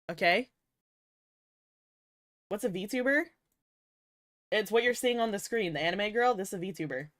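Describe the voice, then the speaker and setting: A young woman chats with her stream audience in a teasing, giggly way, dropping swear words as she goes and sounding a bit tired. Her voice sits at an ordinary middle pitch. It is recorded close and dry, with no room sound. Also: measured pace, pauses often, fairly bright tone, no room sound. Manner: playful and giggly, teasing chat, frequent swearing. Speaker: VTuber streamer. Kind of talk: casual livestream chat with viewers.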